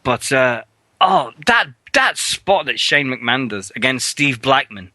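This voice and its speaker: A man's voice: mid-range voice, unhurried, no room sound. A man co-hosting a radio show, chatting casually and swearing a lot. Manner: rowdy, animated, acts out loud mocking voices in quotes.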